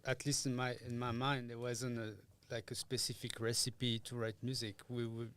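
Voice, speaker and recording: Hesitant guitarist. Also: male voice, mid-range voice, level tone, moderate pace, fairly bright tone, smooth. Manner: hesitant, searching for words, laughs often. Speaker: guitarist guest. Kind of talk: casual podcast interview.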